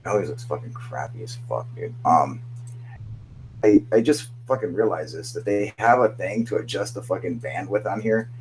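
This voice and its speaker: A man's voice: low voice, normal speed, slight background noise, poor audio. A man hosting a casual live-stream chat, rambling and swearing, calling everyone "dude", sounding burnt out. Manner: profane, rambling, says "dude" constantly. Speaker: channel host.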